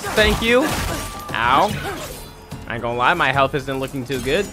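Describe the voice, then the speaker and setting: Excitable man streaming a game. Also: medium pitch, normal speed, long pauses. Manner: loud, reactive, cursing, exclaiming. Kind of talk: gaming commentary. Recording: game music behind the voice.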